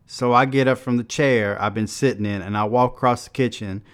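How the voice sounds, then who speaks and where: A man's voice: mid-range voice, steady tone, a little fast, clear, resonant tone, pitched above the performer's own voice, close to an everyday voice. A man voicing an angry, troubled nineteen-year-old who bluntly tells a violent dream in street dialect. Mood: numb, violent.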